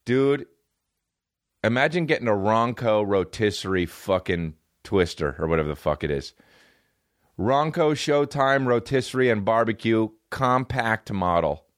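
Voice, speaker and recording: A man with a very low, deep voice hosts an animated comedy podcast, rambling from one bit to the next, swearing freely and slipping into quick impressions. The sound is dry and close, with no room around it.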